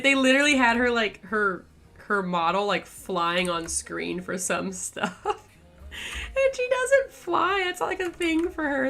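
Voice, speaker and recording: A woman's voice: medium pitch, pushed and bright. A woman chatting casually on her art stream, rambling with lots of fillers and little laughs. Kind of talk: casual chat while drawing on stream.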